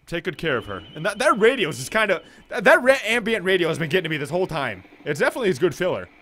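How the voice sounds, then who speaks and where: A young man giving excitable commentary while playing a horror game, reading its dialogue aloud. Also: high voice, rapid-fire, a little hiss or hum. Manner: excitable, jumpy, shouting at scares. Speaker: let's play gamer.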